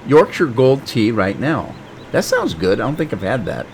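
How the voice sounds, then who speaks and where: A man's voice: on the low side, big pitch swings, a little slow. Chatty streamer man, faint hum. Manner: chatty, joking, reads chat aloud. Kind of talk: casual game live stream.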